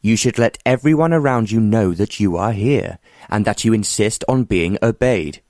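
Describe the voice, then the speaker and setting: A domineering bully from a period romance audiobook, sneering and emphatic, as a male narrator plays him. Low-pitched and harsh, recorded dry and close. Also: normal speed, a little mellow, no room sound, close to an everyday voice.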